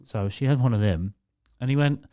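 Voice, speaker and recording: A young man co-hosting a podcast tells a funny story in casual fashion, laughing through it and swearing freely. His mid-range voice is warm and moves at normal speed.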